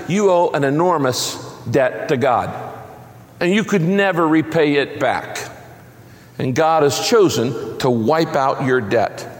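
Man preaching, lively swooping delivery, slightly high voice, emphatic repetition, long hall reverb. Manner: animated, emphatic preaching with repeated phrases. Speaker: pastor. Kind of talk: sermon.

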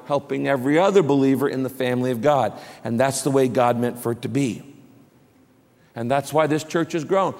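A man's voice: high voice, long reverb tail. A man preaching a sermon as a pastor, telling stories with humor and building to emphatic preaching.

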